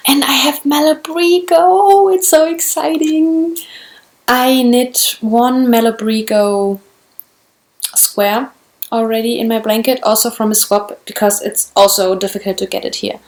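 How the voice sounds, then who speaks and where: A woman's voice: a little high, measured pace, darkish tone. A German woman with a German accent, chatting casually in English on her knitting vlog, gushing over yarn and restarting often. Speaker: knitting vlogger. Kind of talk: casual show-and-tell.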